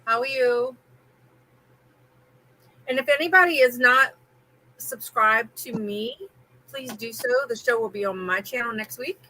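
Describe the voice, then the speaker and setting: A woman's voice: on the high side, unhurried, long pauses, sharp tone, a little hiss or hum, low-quality recording. A woman co-hosting a casual live stream, chatting and greeting viewers by name. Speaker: co-host.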